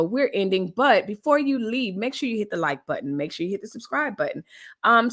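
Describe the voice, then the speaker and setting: A woman's voice: lowish voice, a bit bright. A woman hosting a casual live news commentary stream, chatting colloquially with her viewers and reading their comments.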